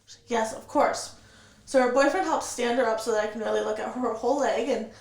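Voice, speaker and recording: A woman's voice: on the high side, brisk, echoey room, rough recording. A woman telling her own story as an interview guest, recounting events steadily and vividly and acting out the dialogue.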